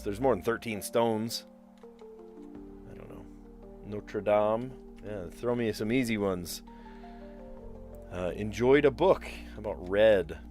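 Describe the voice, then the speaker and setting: Streamer, male, low voice, casual think-aloud puzzle talk, faint music underneath. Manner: thinks aloud, muttering guesses; chatty with viewers. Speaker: streamer solving word puzzles.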